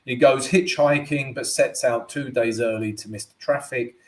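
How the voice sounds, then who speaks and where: A man's voice: mid-range voice, fairly even intonation, moderate pace. A man hosting a live forex analysis stream, chatty and tagging most points with "right?". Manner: chatty, keeps adding "right?". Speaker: forex trading host.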